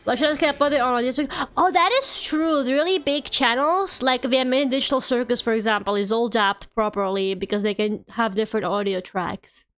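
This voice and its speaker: Chatty high-voiced woman streamer. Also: a little fast, few pauses, a bit bright. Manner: chatty, ranting, many "like"s. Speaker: VTuber streamer. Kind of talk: casual live-stream chat while gaming.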